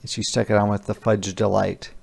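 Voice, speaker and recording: A man reading a picture book aloud to young children as a teacher, pausing to explain words gently. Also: on the low side, flat delivery, creaky, breathy edge.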